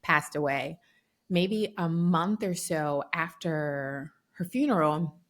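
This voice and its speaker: A woman in her thirties co-hosts a casual chat podcast, telling stories with lots of animation and acting out what other people said. Her voice sits low, and she speaks at a slow pace.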